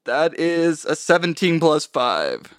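A man with a high voice plays at a tabletop game, excitable and quick to giggle. He jumps in eagerly with his character's actions. The sound is dry and close. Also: no echo. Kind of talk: casual game table chat.

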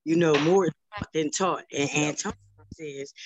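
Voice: mid-range voice, steady tone, a little slow, noisy background. A participant on a group call, earnest and grateful as they speak. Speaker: meeting participant. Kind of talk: casual chat on a group call.

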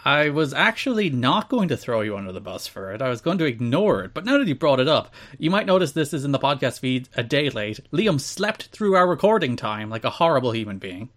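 Male podcast host, mid-pitched, boastful and ribbing in casual chat. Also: very animated, fairly quick, few pauses, fairly bright tone. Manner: boastful, teasing.

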